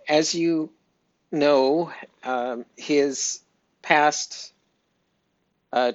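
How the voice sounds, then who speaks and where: A man speaking slowly and haltingly in a heartfelt personal audio diary, with many pauses and fillers. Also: medium pitch, no room sound. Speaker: pet owner sharing an update. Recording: dry, dull lo-fi recording.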